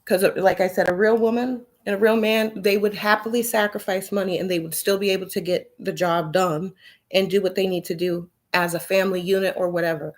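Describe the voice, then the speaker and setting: A woman vlogger talks straight to her viewers in a heated rant. Her voice sits at an ordinary middle pitch. She is blunt and profane and keeps firing rhetorical questions. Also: fairly even intonation, a little fast. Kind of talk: ranting monologue to camera.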